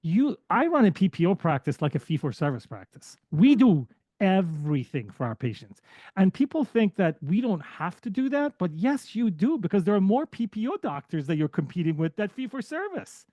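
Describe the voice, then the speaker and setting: A man with a fairly high, very lively voice talks as a podcast guest. He is earnest and reflective and presses his points home. The sound is dry and close, with no room around it. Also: normal speed, no echo, lo-fi sound. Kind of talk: casual podcast conversation.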